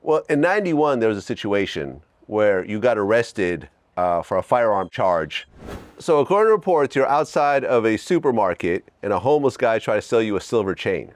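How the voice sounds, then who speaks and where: A man's voice: fairly low pitch, big pitch swings, normal speed, no echo. A man hosting an interview, asking questions based on reports and giving short replies. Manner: reads out reports, short reactions. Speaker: interview host.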